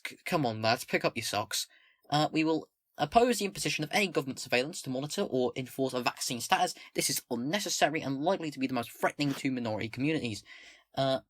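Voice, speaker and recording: A man's voice: mid-range voice, fairly bright tone, no echo, studio quality. A young man reading a document aloud with commentary, swearing casually, stumbling over words and mocking himself in asides. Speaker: political commentator.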